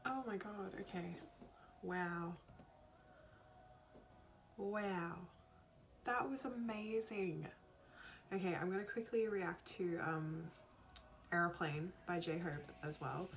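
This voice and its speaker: A woman filming a casual reaction video, gushing and excitable, often joking at her own expense. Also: on the low side, slow, pauses often. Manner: gushing, excitable, self-mocking. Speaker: YouTube reactor. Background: faint music from the video she is watching.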